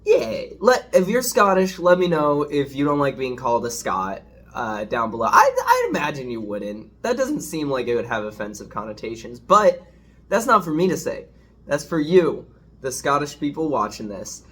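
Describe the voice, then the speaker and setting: A man's voice: a little high, huge pitch swings, normal speed, a bit bright, slightly rough. A man chatting casually as a food reviewer, rambling and hesitant, self-deprecating as he hunts for words, with a dishwasher running in the background. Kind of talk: casual home review vlog.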